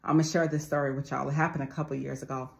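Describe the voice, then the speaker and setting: A woman in her forties gives a motivational talk, preaching with repeated phrases and calling her listeners family. Her voice is rumbling low and gravelly, level in tone, and she races along.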